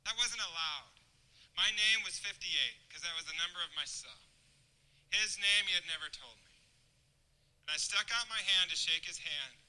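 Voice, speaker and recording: A man giving an earnest, dramatic testimony, building tension with pauses as he tells his story. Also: high voice, pushed and bright, rough recording.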